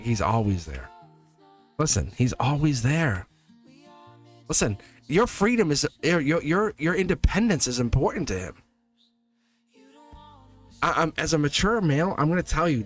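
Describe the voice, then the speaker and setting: A man's voice: mid-range voice, a bit bright. A man giving a casual live tarot reading, rambling and chatty, laughing often. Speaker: tarot reader.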